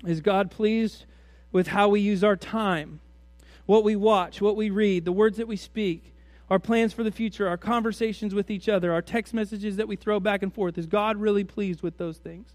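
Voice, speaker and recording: Pastor guy preaching, kinda high voice, keeps asking the church questions, dry close sound. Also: fairly even intonation, moderate pace, darkish tone, dry recording. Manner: conversational preaching, full of rhetorical questions to the congregation. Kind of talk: sermon.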